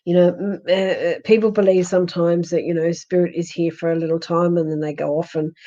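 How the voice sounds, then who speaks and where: A woman with an Australian accent, a husky voice and a fading, hoarse throat, gently consoling a viewer in a live-stream psychic reading with many restarts. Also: lowish voice, fairly even intonation, a little fast, hardly any pauses, lo-fi sound. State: hoarse, losing her voice. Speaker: psychic medium.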